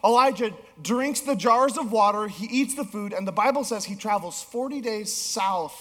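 A male pastor preaching a sermon, telling a story with animated swings between emphatic peaks and low, soft passages. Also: normal speed. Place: church auditorium. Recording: long hall reverb.

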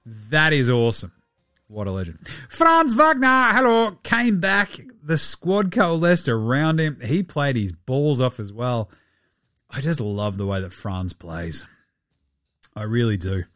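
A man's voice: medium pitch, a little slow, no echo, clean studio sound. An Australian man hosting a casual sports podcast, rambling, swearing freely and laughing at his own jokes. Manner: animated, profane, rambling. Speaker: podcast host.

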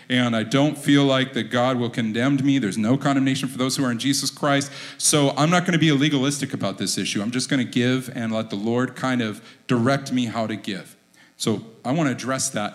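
A man's voice: medium pitch, normal speed. A middle-aged man preaching a sermon as pastor, joking and quizzing the congregation.

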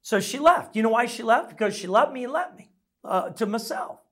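A man's voice: extremely high pitch, expressive, a little fast. A middle-aged man preaching a sermon as a pastor, telling stories in a conversational, self-deprecating way.

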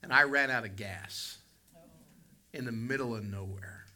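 A pastor from West Virginia, preaching a sermon and telling a story, moving between soft reflective passages and loud emphatic ones. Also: male voice, mid-range voice, measured pace.

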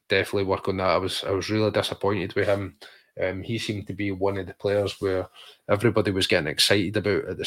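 A Scottish man with a fairly low voice, chatting loosely about football as a podcast co-host. He often restarts his sentences and keeps calling his friend mate. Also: fairly bright tone. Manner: chatty, repeats words while thinking, says mate a lot. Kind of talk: casual football chat.

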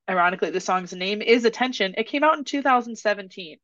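A woman's voice: medium pitch, lively intonation, fast talker, a bit bright, no echo. A woman co-hosting a podcast in casual chat, wry and sarcastic, often laughing between remarks. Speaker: podcast co-host. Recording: dry, dull lo-fi mic.

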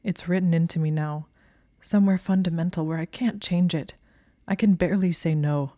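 A shaken, emotional young witch with a low, hushed, breathy voice, as a woman reading the story puts her on. The tone is dark and flat, and the recording is dry and close. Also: moderate pace, no room sound, close to an everyday voice. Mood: distressed.

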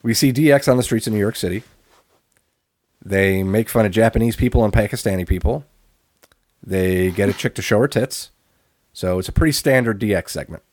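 A man co-hosting a podcast, recapping matches in a deadpan play-by-play and swearing freely. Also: fairly low pitch, fairly quick, long pauses, no room sound. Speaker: podcast co-host recapping wrestling. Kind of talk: casual chat.

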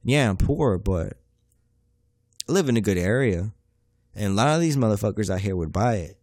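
A man's voice: fairly low pitch, animated, moderate pace, a little mellow, no echo, clean studio sound. Profane, rambling young man. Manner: profane, rambling, self-mocking, slangy. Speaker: podcast host. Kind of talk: casual comedic monologue.

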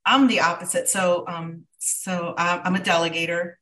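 A woman's voice: lowish voice, flat delivery, normal speed, a bit bright. A woman hosting a podcast in casual chat, bubbly and self-deprecating, laughing often. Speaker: podcast host. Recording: voice a bit distant from the mic.

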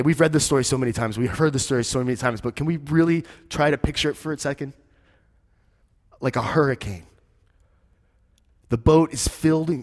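A male pastor preaching a conversational sermon, telling the story with animation and dropping quiet for emphasis. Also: medium pitch, big-room sound.

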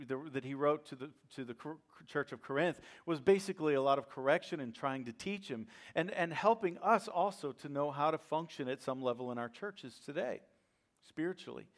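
Animated male pastor telling a story. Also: fairly high pitch. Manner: storytelling, animated, with self-deprecating humor. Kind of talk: sermon.

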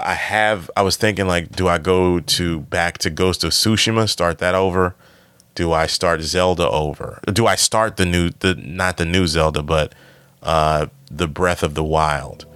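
Male podcast host, stand-up comic, deep low voice, dry sound, loose rambling chat full of fillers. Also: fairly bright tone, dry recording. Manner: rambling, self-correcting, filler-heavy.

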